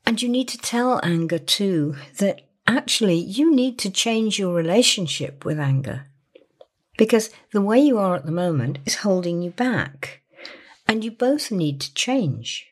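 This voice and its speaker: A woman, working as a therapist or coach, talking earnestly about a client session in a gentle manner and softening to near-whispers for emphasis. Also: medium pitch, animated, measured pace.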